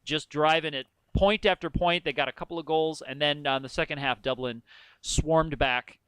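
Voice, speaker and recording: Smooth, clear-voiced man explaining sports. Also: on the high side, steady tone, normal speed, fairly bright tone, no echo. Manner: explains at length, precise. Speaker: podcast co-host. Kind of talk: casual sports chat.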